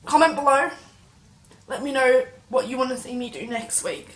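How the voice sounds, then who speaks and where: A woman's voice: sits high, a bit bright. A young woman vlogging a chili challenge, panicky and exclaiming, teary and in pain. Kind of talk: casual vlog chat. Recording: echoey room with faint noise.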